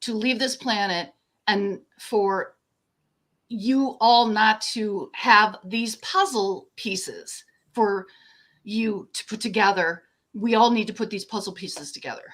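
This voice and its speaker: A woman's voice: mid-range voice, takes it slowly, fairly bright tone. An older woman talking as an interview guest, earnest and rambling, a little emotional and given to laughing mid-sentence. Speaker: guest, contactee. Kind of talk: casual interview conversation.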